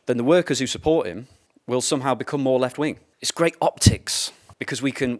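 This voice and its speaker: A man speaks to a live audience in a lecture. His tone is sardonic, full of wry asides, and he briefly acts out the voices of the people he quotes. His voice sits at an ordinary middle pitch. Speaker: speaker at a political school.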